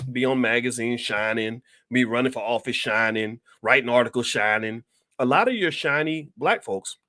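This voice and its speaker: A man's voice: medium pitch, fairly bright tone, no echo. Emphatic preacher-like man in a dry room. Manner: preacher-like, emphatic, repeats key phrases for effect. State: coughing, clearing throat. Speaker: online commentator addressing his audience. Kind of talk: impassioned livestream commentary. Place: his home.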